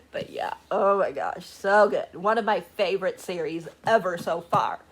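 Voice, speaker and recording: A woman chatting casually in a book vlog, gushing and excitable, laughing often, talking from a room at home. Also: on the low side, measured pace, breathy edge. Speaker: book vlogger. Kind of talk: casual reading vlog chat. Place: home room with door open.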